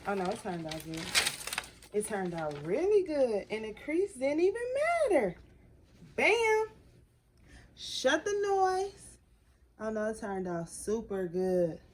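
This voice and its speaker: A woman's voice: mid-range voice, sing-song, normal speed, warm tone, a little hiss or hum, rough recording. A young adult woman chatting casually to her viewers while working on a craft project, reacting openly as she goes. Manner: chatty, talks to viewers as "y'all", emotional reactions. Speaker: crafting vlogger.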